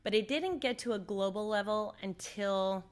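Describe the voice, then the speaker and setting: A woman from Southern California, an interview guest recounting a personal story, animated and acting out what people said. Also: medium pitch, moderate pace. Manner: animated storyteller, acts out her own quotes.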